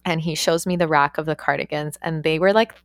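A woman's voice: deep voice, a little fast, dry recording, studio quality. A young woman who works on yacht crew, telling a story casually with lots of swearing and "like" fillers. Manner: profane, animated, frequent "like" fillers.

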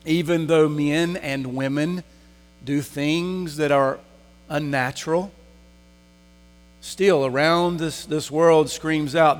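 Guy preaching a sermon in a church, kinda high voice, big echoey hall sound. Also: steady tone, takes it slowly. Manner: asks the congregation rhetorical questions. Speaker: pastor. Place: church sanctuary. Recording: long hall reverb.

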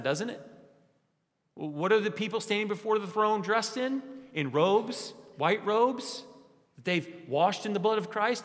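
A young man preaching a sermon as pastor, asking the congregation rhetorical questions and dropping his voice low and quiet for emphasis. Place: church sanctuary. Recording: long hall reverb.

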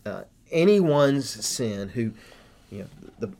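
A man in a casual podcast conversation with a middle-pitched voice. He talks earnestly and builds his explanation point by point. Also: big pitch swings, takes it slowly, a little mellow. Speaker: podcast host. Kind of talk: casual faith podcast discussion.

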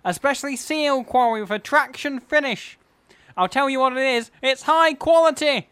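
A man doing an impression of a cheery eccentric male entertainer, loud, nasal and chirpy. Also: extremely high pitch, normal speed, no room sound, pitched above the performer's own voice.

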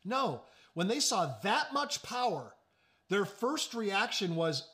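A male pastor preaching a sermon, animated, with joking asides and sudden drops to hushed, slow emphasis. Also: high-pitched.

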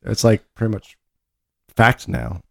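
A man co-hosting a casual podcast chat, loud and pushy when joking around. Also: lowish voice, very animated, unhurried, gravelly, no echo, studio quality. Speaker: podcast co-host.

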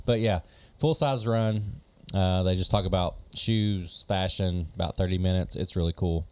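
A man's voice: low-pitched, normal speed, clear, resonant tone. A man co-hosting a casual podcast chat, enthusiastic but hesitant, with many fillers and restarts. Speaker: podcast co-host.

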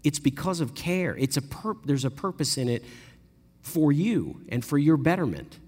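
A man preaching a sermon, telling the story with animated delivery and briefly acting out the people he quotes. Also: a little high, normal speed. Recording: long echo of a large hall.

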